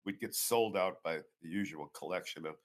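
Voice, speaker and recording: This guest author from around Boston has a low voice and speaks fairly quickly, wandering through long, digressive stories in an interview.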